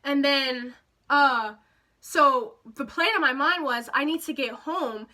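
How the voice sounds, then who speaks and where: A young woman tells a storytime to her camera. Her voice sits high and bright. She talks in a chatty, animated way, full of "like" and quoted back-and-forth. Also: takes it slowly. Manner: chatty, animated retelling with lots of "like" and quoted dialogue. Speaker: vlogger. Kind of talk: casual storytime.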